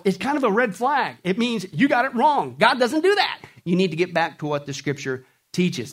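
A man preaching a sermon, animated and playful, acting out jokes and mocking voices and calling on the congregation to answer back. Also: sits high, slightly rough. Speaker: pastor.

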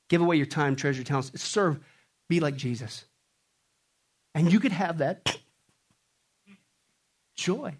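Animated high-voiced male preacher. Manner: animated, swings from loud to hushed, acts out voices. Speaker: pastor. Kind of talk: sermon with jokes.

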